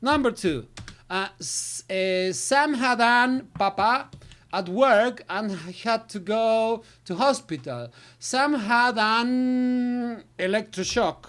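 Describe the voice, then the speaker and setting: A woman's voice: a little high, slow pace. A woman, an English teacher talking through textbook exercises, filling gaps with nonsense syllables. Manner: filler syllables, switches to Spanish. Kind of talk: recorded lesson walkthrough.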